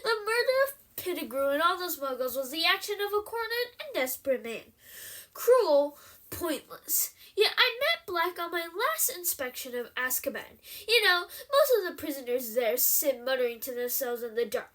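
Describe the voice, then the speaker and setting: A woman's voice: sits high, sing-song, normal speed, fairly bright tone. A woman reading as a grave, nervous official. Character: middle-aged male minister, grave and nervous.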